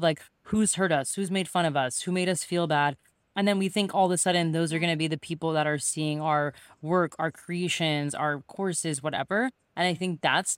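Lively woman coach on a podcast. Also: deep voice, dry recording, studio quality. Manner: animated storytelling, acts out quoted voices. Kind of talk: casual conversational podcast chat.

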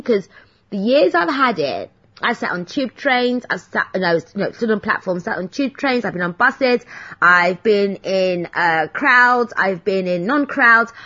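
A chatty woman talks through a solo podcast. She has a slightly husky voice and tells everyday stories, acting out the people she met. The recording sounds a little dull and muffled. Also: medium pitch, a bit bright. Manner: chatty storyteller, acts out voices in dialogue. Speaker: podcast host. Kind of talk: casual solo podcast monologue.

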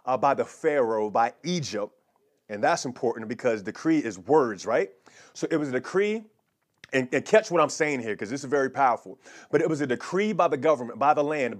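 A man preaches a teaching sermon in a voice of middle pitch. He speaks haltingly, full of fillers and restarted words, and he has the listeners repeat declarations back to him. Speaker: pastor.

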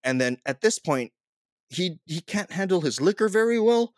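A man's voice: high-pitched, sing-song, normal speed, dry recording, clean studio sound. A man telling a funny party story in casual chat, laughing and swearing as he goes.

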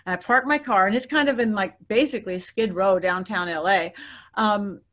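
A middle-aged woman, a guest psychic, telling stories in an interview in a lively way, laughing often and acting out the voices of others. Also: mid-range voice, normal speed. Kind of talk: animated storytelling interview.

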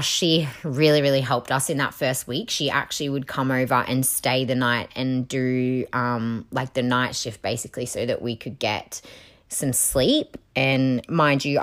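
Young woman, low voice, candid confessional vlogger, filler-heavy. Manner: frank and emotional, heavy use of "like". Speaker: new mother. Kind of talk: candid personal storytelling.

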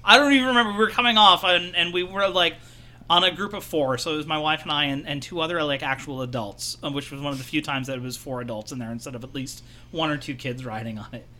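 A man on a casual podcast, talking with lively enthusiasm and breaking into laughs as he goes. His voice sits a little high for a man and has a very bright, forward tone. He rambles through stories with plenty of fillers along the way. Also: fast. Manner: animated and enthusiastic, laughing often. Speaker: returning podcast co-host.

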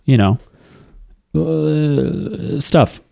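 A man's voice: fairly high pitch, very slow, gravelly, dark tone, dry recording, clean studio sound. A man co-hosting a casual podcast, recapping an anime with crude jokes and acted-out quotes. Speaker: podcast co-host.

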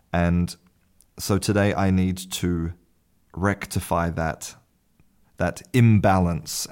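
A man with a very low voice hosts a casual English-learning podcast. He explains words in an easy, relaxed way. He often stops to spell them out letter by letter. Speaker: podcast host and English teacher. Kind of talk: casual spoken lesson.

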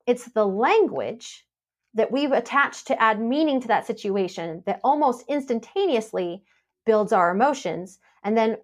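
A woman guest on a podcast, explaining her method in a relaxed, chatty way and acting out the lines she said in past moments. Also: fairly high pitch. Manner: animated storytelling, acts out her own past lines. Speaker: podcast guest, happiness mentor. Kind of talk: casual podcast interview.

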